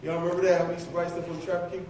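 A middle-aged man with a high, light voice delivers a loose, conversational sermon, teasing his listeners and calling on them by name. He sounds far from the mic in a very echoey church, with a faint hiss underneath. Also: monotone, racing, a little mellow. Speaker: preacher. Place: church sanctuary.

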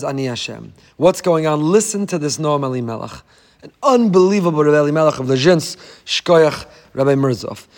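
A man, a rabbi, giving a passionate sermon with dramatic swings between loud declarations and hushed, tender phrases. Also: a little high. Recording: long hall reverb.

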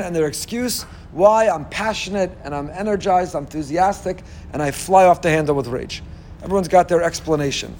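A man giving a lively sermon as a rabbi, acting out inner voices with humorous asides. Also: high-pitched, a little fast, a little hiss or hum.

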